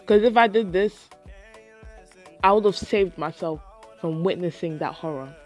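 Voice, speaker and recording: A young YouTube vlogger tells her audience an animated storytime, swearing dramatically and acting out her own reactions. Her voice is on the low side and unhurried, with soft music playing in the background.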